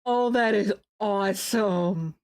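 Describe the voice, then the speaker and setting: A woman streamer giving casual gameplay commentary, excitable and quick to laugh, with drawn-out exclamations. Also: medium pitch.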